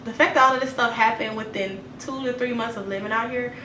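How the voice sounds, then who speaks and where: A woman vlogger telling a storytime to her viewers, animated, blunt and profane, talking directly to them. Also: a little high, fast talker, a little hiss or hum. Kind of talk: storytime vlog. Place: apartment room. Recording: echoey room, a bit far from the mic.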